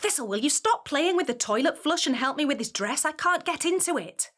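An actress playing a feisty, flustered young heroine with a false arm in a fantasy audio drama. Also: female voice, high voice, brisk, background noise. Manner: flustered, excitable.

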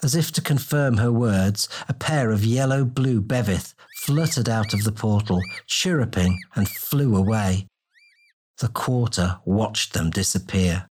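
A man narrating a fantasy audiobook in a steady, descriptive storytelling manner. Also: fairly low pitch, a little slow, husky.

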